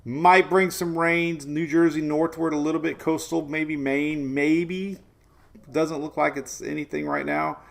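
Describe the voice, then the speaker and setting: A man's voice: on the high side, flat delivery, a little slow, vocal fry. A man in his forties hosting a casual live weather stream, chatty and rambling, laughing often and greeting viewers by name. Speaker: weather show host.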